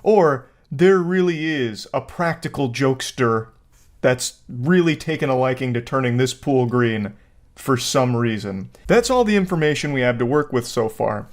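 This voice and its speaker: A man's voice: mid-range voice, lively intonation, normal speed. A man hosting a casual video commentary, rambling through jokes and mock-serious asides. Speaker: commentary host. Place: Florida home.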